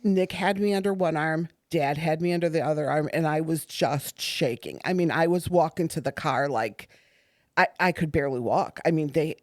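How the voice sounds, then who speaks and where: Middle-aged mother telling a story, animated. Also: deep voice, normal speed, no room sound, studio quality. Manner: animated, acts out quoted dialogue, repeats herself. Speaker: guest, mother of the host. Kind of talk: emotional personal storytelling.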